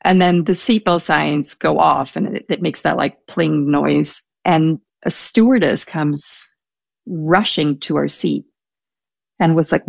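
A woman's voice: fairly low pitch, takes it slowly, creaky, no room sound, studio quality. A young woman telling a personal story in casual chat, hesitant, with many fillers and restarts. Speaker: storyteller guest. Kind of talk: casual anecdote.

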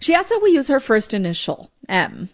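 A woman immigration correspondent narrating a news report in a measured storytelling delivery. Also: high voice, big pitch swings.

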